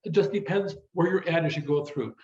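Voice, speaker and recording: An American man, a business instructor, giving a recorded lecture on strategy in a quick, talkative way, repeating the same phrases. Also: on the high side, darkish tone. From United States. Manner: fast-talking, repetitive "as you go through". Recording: roomy, dull lo-fi audio.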